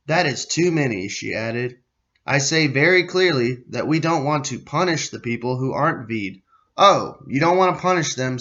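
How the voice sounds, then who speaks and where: Here the host's voice is mid-range and a bit bright, captured with the highs cut off. The American man reads a news article on his podcast, now and then losing his place, and interrupts himself with sarcastic, swearing commentary.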